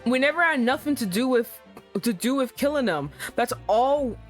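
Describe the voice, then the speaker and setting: A woman voicing a rough male thief witness with a put-on Cockney accent, gruff and rambling. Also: sits high, animated, normal speed, faint music behind, voice pushed up. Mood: nervous.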